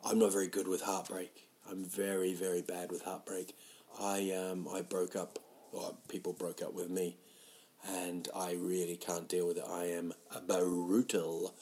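A man rambling through a comic monologue, mocking himself and jumping into loud, silly voices. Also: low voice, monotone, a little slow. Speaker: comedian doing a solo audio show.

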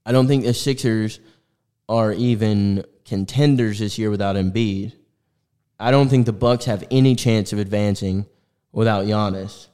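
Speaking at a measured pace, this young sports podcast co-host has a low, dark, steady voice. His casual banter is blunt and laced with profanity.

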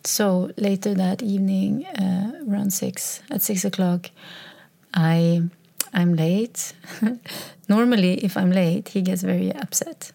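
This solo podcaster has a gravelly, mid-range voice and a slow delivery. Speaking into a microphone, she shares something personal with frequent restarts and unfinished phrases, slipping into a whisper whenever she quotes a text.

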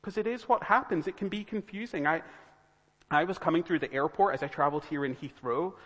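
A man's voice: a little high, brisk, a bit bright. A man preaching a sermon, earnest and pleading, building to urgent appeals to his listeners. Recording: long reverb of a church hall.

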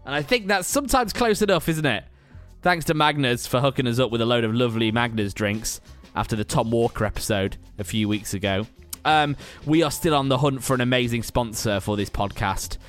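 A man's voice: medium pitch, fairly quick, a bit bright, soft background music. A man hosting a podcast in a chatty, self-mocking way, talking casually to his listeners. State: out of breath. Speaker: podcast host.

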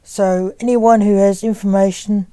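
A man's voice: high-pitched, level tone, measured pace, warm tone, clean tone, no room sound. A woman playing a breezy magician grandfather. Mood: assured.

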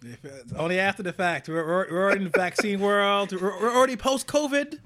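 A man co-hosting a casual comedic chat, joking and quick, often stammering and restarting his sentences. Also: high voice, fairly bright tone. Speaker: podcast co-host.

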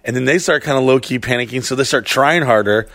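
A man co-hosting a podcast, telling stories in a casual, animated, heavily profane way and acting out what people said. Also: mid-range voice, quick pace, no echo. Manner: profane, animated storytelling with acted-out quotes. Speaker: podcast co-host. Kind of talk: casual storytelling chat.

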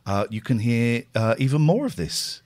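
A man co-hosting a casual chat, tossing in quick, playful quips. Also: mid-range voice, sing-song, darkish tone.

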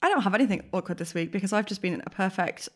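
A woman's voice: mid-range voice, expressive, quick pace. A young woman chats on her podcast in a loose, rambling way. She laughs easily and pokes fun at herself as she tells stories. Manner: chatty, self-mocking, laughs often. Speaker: podcast co-host. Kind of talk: casual chat.

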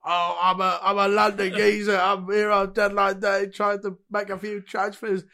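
A man's voice: high-pitched, completely flat delivery, normal speed, gravelly, bright, forceful tone, pitched above the performer's own voice, heavily acted. A man doing a cheeky London geezer manager. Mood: chirpy. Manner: exaggerated Cockney swagger.

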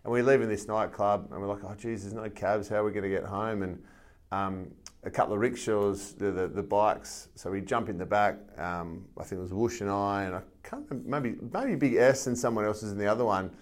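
A fairly deep-voiced Australian man tells stories in a relaxed interview. He laughs as he goes and acts out the voices of the people in his stories. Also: brisk. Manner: animated storyteller, laughs often, acts out voices. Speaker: guest, former football captain. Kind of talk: casual anecdote telling.

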